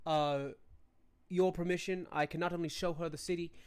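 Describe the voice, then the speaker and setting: A game master voicing a smooth-talking male noble courtier who flatters and stumbles over his words. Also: mid-range voice, lightly acted. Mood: courtly. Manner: halting, full of restarts and fillers.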